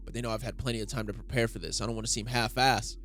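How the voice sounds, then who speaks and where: A man's voice: medium pitch, steady tone, rapid-fire, fairly bright tone, natural voice. A man voicing an earnest, starstruck young male fan, reading manga dialogue aloud.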